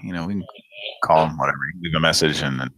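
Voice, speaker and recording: A man's voice: extremely low pitch, quick pace, sharp tone, dry recording, rough recording. A man hosting a live prank call show, chatting casually and rambling with lots of fillers and laughs. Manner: rambling, hesitant, laughs often.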